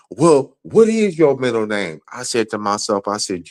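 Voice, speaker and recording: A man's voice: medium pitch, sing-song, moderate pace, a little mellow. A man angrily ranting on a livestream, profane and repeating himself. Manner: angry, profane, repetitive. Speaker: guest. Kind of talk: heated livestream rant.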